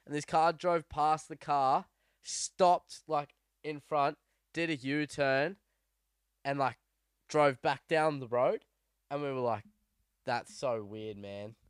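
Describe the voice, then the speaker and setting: A young man with a slightly raised, smooth and clear voice tells a story laid-back, laughing as he goes. He co-hosts a casual chat. The sound is close and dry. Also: fairly high pitch, steady tone, slow, dry recording. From Australia. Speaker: podcast co-host.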